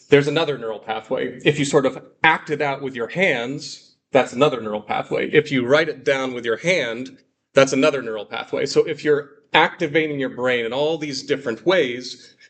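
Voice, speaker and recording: A man teaching a Greek class, explaining patiently and slowing down to repeat words for students. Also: mid-range voice, fairly bright tone. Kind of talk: classroom lesson.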